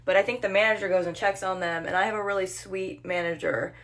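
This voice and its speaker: A young woman, a restaurant server, telling a casual storytime about a customer with sarcastic, animated delivery and mock-sweet quoted voices. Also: mid-range voice, fast talker.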